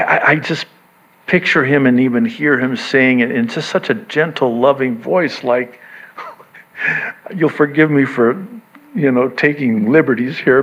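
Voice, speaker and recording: A man preaching a sermon to his church, swinging from hushed reflection to excited emphasis, with joking asides. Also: mid-range voice, breathy edge. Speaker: pastor. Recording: dull lo-fi sound.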